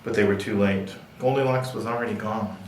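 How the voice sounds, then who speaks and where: A man's voice: on the low side, steady tone, fairly quick, a little hiss or hum. A man reading picture books aloud at a library, with playful, jokey asides. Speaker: library storyteller. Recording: echoey room, distant mic.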